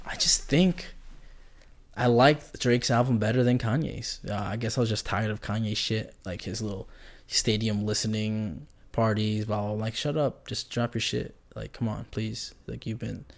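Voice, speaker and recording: A man's voice: on the low side, vocal fry. A man hosting a casual solo podcast, rambling and joking in a slangy way. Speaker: podcast host.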